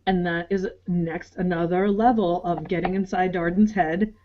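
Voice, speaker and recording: A woman co-hosting a casual show recap over a video call, animated and quick to act out people's lines. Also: lowish voice, muffled recording, a little hiss or hum. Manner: animated, acts out characters' lines in quick asides. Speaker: podcast co-host.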